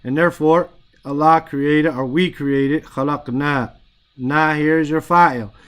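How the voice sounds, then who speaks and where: A man with a fairly high voice leads an online Arabic grammar lesson, talking over a headset or computer mic. He explains casually in English, repeats short Arabic phrases and keeps checking in with his students by asking "right?". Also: fairly even intonation, a little slow, fairly bright tone, clean tone. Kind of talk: online Quran grammar class.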